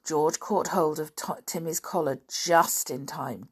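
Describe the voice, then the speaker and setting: Low-voiced woman reading a children's story, slow and gentle; podcast host. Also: breathy edge. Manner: gentle, unhurried.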